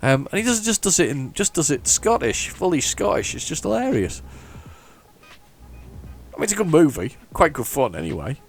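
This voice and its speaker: A man's voice: on the high side, big pitch swings, moderate pace, creaky, faint music behind. A man giving chatty, mock-heroic commentary while playing a driving game. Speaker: gaming channel host. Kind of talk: casual gameplay commentary.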